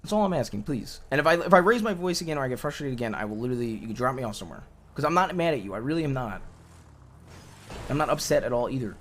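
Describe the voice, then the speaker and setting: A man's voice: mid-range voice, sing-song, rapid-fire, a bit bright. A man voicing an exasperated young man in an improvised game roleplay, pleading with his partner and tripping over his own restarts. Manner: pleading, repeats himself, stumbles over restarts. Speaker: roleplay character.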